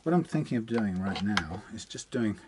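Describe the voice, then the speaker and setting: A man's voice: on the low side, sing-song, normal speed, noisy background. A man talking casually through a guitar setup in his workshop, rambling and muttering to himself as he works. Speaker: guitar technician. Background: guitar being plucked.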